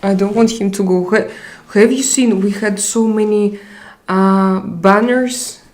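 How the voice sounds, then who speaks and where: A woman's voice: mid-range voice, steady tone, measured pace, a little mellow. A young woman hosting a casual live chat, reading viewer comments aloud and answering them. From Russia. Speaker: live stream host.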